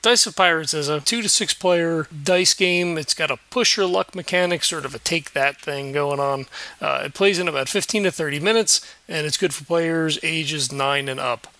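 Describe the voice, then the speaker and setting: A man hosting a tabletop gaming show talks in a casual, upbeat way, now and then jumping up in pitch. His voice sits a touch high and comes across bright and forceful. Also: normal speed. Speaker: host. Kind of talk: sponsor read and casual game chat.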